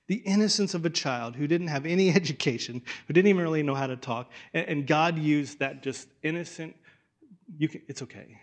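A man's voice: on the high side, a little fast. A man in his thirties preaching an earnest, emotional sermon, with stumbling restarts and a voice that grows tender. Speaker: pastor.

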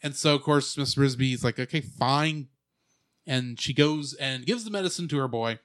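A man co-hosting a casual movie podcast, retelling the plot with jokes and quick asides. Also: medium pitch, animated, a bit bright, no echo. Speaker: podcast co-host. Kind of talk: casual movie recap chat.

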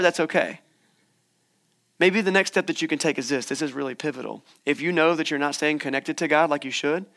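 A young male pastor delivers a sermon in a church with a slightly high-pitched voice. He talks to the congregation in a conversational, encouraging way and drops playful asides along the way. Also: fairly bright tone. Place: church hall.

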